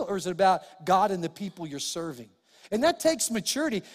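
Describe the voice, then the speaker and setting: A middle-aged male pastor preaching in a church sanctuary, his fairly high voice carried by a long hall reverb. He tells funny stories with lively energy, then sinks into soft, hushed tones to press his point home. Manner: animated storytelling with humor, dropping to soft quiet tones. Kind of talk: sermon.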